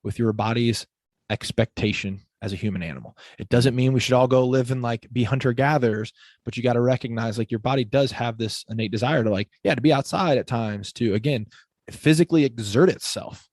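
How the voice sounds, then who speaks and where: A fitness coach from Illinois chats with eager, rambling energy on a podcast, sprinkling "like" everywhere and laughing easily. His voice sits at an ordinary pitch for a man. The sound is dry and close, with no room around it. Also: fairly quick, no room sound. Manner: energetic, enthusiastic, heavy use of "like", laughs often. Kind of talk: casual podcast conversation.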